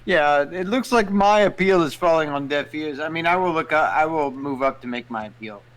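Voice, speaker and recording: A man's voice: fairly high pitch, a little fast, a bit bright, low-quality recording. A man playing a tabletop role-playing game, talking casually and repeating words as he starts. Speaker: player.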